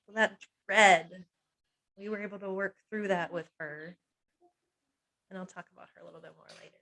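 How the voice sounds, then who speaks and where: A woman's voice: mid-range voice, fairly even intonation, moderate pace, a bit bright, poor audio. A woman hypnotherapist talks through a masterclass in a confiding, personal way. She lists painful feelings one at a time in short, weighted phrases. Small laughs slip in between her words. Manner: earnest and confiding, draws on her own life. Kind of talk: personal teaching talk on emotional pain.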